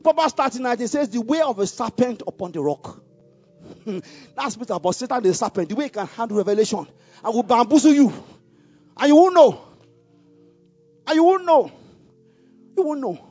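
Husky high-voiced preacher. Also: male voice, lively intonation, quick pace, muffled recording. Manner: swings from low musing to loud fervent preaching, laughs often. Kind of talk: sermon.

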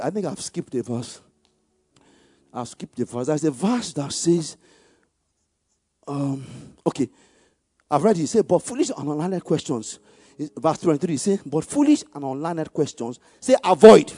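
A man preaching, leading the congregation in call-and-response and rising to loud exclamations on key words. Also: on the high side, normal speed, breathy edge, dry recording, clean studio sound. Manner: animated call-and-response, leads the congregation to repeat verses. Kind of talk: sermon.

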